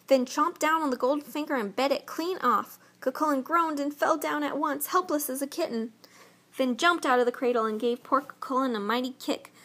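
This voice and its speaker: A woman's voice: sits high, bright, forceful tone. Woman narrating a folk tale. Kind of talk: storybook reading.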